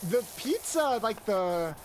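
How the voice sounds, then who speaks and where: A woman's voice: mid-range voice, very animated, a loud crowd, poor audio. A woman hosting a live game stream, chatting casually with a co-host and greeting viewers. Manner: chatty, rambling, quick asides to chat.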